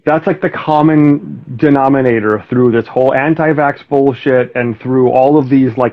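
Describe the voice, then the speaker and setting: A man's voice: medium pitch, steady tone, moderate pace, hardly any pauses. A man hosting a live stream chat, blunt and casual, swearing freely. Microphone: video call. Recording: dull lo-fi live stream audio.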